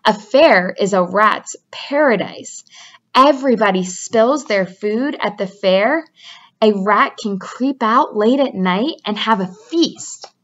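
A woman's voice: medium pitch, lively intonation, takes it slowly, a bit bright. A woman voicing an old, knowing female sheep who coaxes and relishes long lists, in a dull lo-fi recording. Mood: coaxing.

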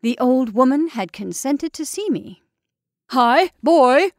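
A woman storyteller reading a classic tale aloud in a measured, expressive way. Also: high voice, no room sound, studio quality. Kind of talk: scripted narration of a classic story.

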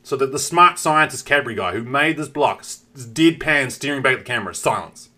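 A young man with a New Zealand accent, telling a story on a game stream in a profane, animated way. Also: mid-range voice, a little fast. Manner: animated, profane, acts out the characters.

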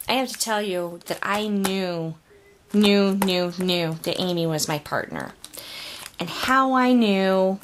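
A woman's voice: medium pitch, noisy background. A woman opening a craft swap package on video, gushing and gasping with delight at each item. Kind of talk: unboxing vlog.

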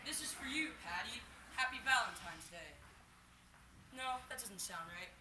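A woman's voice: on the high side, animated, normal speed, sharp tone, echoey room, a little hiss or hum, poor audio. A young actress playing a nervous, gloomy little boy who pities himself, in a stage musical. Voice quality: anxious, self-pitying.

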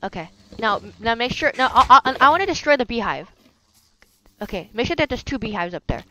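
Excitable high-pitched woman gaming host. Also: brisk, a little hiss or hum, rough recording. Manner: excitable, yelps and cries of no at danger. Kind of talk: casual Minecraft gameplay commentary.

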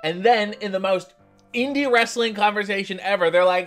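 A man's voice: sits high, brisk, a bit bright, soft background music. A man hosting a comedic recap of a TV episode, with sarcastic, profane asides. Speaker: host.

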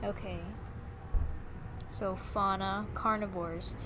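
A woman's voice: medium pitch, a little slow, pauses often, noisy background. A young woman giving playful, chatty commentary while streaming a video game, often exclaiming and talking to the creatures on screen.

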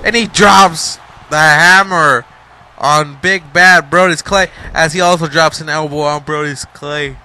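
A man gives excitable play-by-play on a wrestling match, his voice pitched high and very bright and cutting. He tosses out playful slang and trash talk, dropping into low asides between loud calls. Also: unhurried, low-quality recording. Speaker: wrestling game commentator. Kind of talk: play-by-play commentary.

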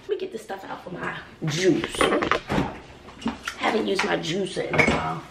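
A woman's voice: on the low side, normal speed, gravelly, distant mic, very noisy. A woman in her forties, a schoolteacher, chatting casually to viewers while cooking in her home kitchen, sassy and talkative. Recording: echoey room, voice off-mic.

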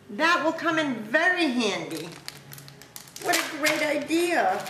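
A woman vlogger opening a craft package at home, gushing with thanks in a casual, excited chat. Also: sits high, slow. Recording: echoey room with background noise.

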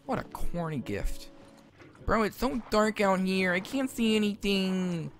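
A woman's voice: medium pitch, expressive, unhurried, faint music behind. A woman streaming a co-op game, joking around in playful, mock-dramatic banter and trading insults. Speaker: co-op gaming streamer.

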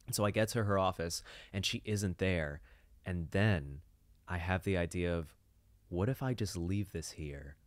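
A man's voice: low-pitched, unhurried, dry recording. A young man co-hosting a podcast, telling a rambling, playful story in casual chat. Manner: rambling, playful, prone to asides. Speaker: podcast co-host. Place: recording studio or room.

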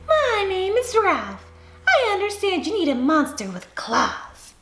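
A woman voicing a polite, well-groomed monster with a high, silky voice in a storybook read-aloud. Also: huge pitch swings, a little slow, fairly bright tone, a little hiss or hum, heavily acted. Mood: prim, polite. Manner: polite and prim. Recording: echoey room, faint music.

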